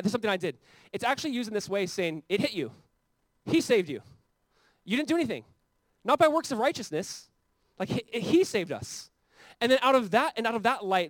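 Fast-talking, fervent preacher man. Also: high voice, no echo. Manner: conversational preaching, rising to fervent emphasis. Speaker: pastor. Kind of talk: sermon.

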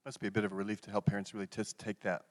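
A man's voice: fairly low pitch, level tone, rapid-fire, big-room sound. A man interviewing a guest, a therapist by trade, reflecting her words back and affirming them. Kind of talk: conversational interview.

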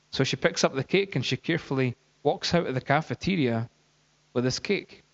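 A man preaching, telling a story in a lively, anecdotal way with laughs and fillers. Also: mid-range voice, brisk, gravelly. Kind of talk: sermon storytelling. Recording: dull, echoey hall.

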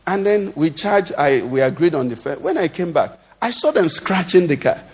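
Nigerian preacher with singsong cadence. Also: male voice, a little high, very animated, moderate pace, breathy edge. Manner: rhetorical questions to the congregation, sing-song cadence. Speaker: pastor. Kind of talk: sermon. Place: church hall. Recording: long hall reverb.

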